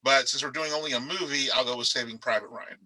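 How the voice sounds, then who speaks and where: A man speaking on an authors' panel over a video call. His voice is very bright and sharp, and his delivery is animated and emphatic. He rambles a little and restarts his sentences as he goes. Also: mid-range voice, fast talker, rough recording. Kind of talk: casual panel discussion. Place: darkened room.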